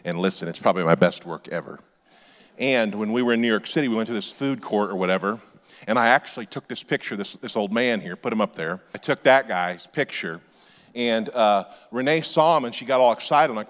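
A man in his forties, a pastor telling comic stories in a sermon and shouting his punchlines. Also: on the low side, fairly quick. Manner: animated storyteller, shouting punchlines. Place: church auditorium. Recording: long hall reverb.

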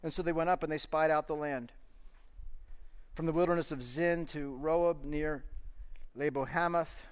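A man's voice: a little high, fairly even intonation, normal speed, long pauses, clear, resonant tone. A man preaching a sermon as pastor, emphatic and full of rhetorical questions. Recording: long reverb of a large hall.

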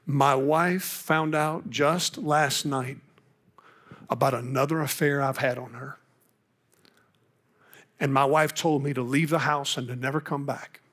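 A man's voice: mid-range voice, fairly even intonation, a little slow, pauses often, fairly bright tone. A man with a Texan accent, an evangelist preaching and telling a personal story with rising intensity. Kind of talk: sermon storytelling.

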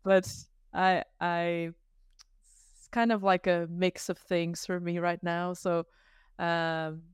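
A woman's voice: fairly low pitch, level tone, slow pace, clear, resonant tone, dry recording. A woman talking as a guest on a podcast, chatty and rambling, laughing easily. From not Canadian, living abroad. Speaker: guest artist. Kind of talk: casual podcast conversation.

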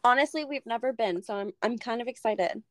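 A woman's voice: fairly high pitch, fairly quick, dry recording. Gushing young woman, dry close sound. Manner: gushing, excitable, heavy swearing. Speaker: podcast co-host. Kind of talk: casual chat.

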